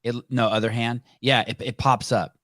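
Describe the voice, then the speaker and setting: A man's voice: medium pitch, moderate pace, no room sound. Chatty male podcast host in a dry room. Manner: relaxed, chatty, swears casually. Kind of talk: casual conversation.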